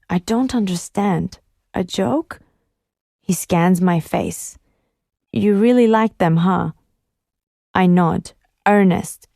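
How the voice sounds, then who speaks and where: A woman calmly narrating a first-person audiobook in a measured way. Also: mid-range voice, gravelly, dry recording, studio quality.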